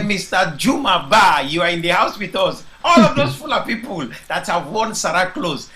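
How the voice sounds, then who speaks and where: A man's voice: sits high, sharp tone. A man from Leone, hosting a live online discussion, greeting listeners by name with plenty of ums and restarts. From Sierra Leone. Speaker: host.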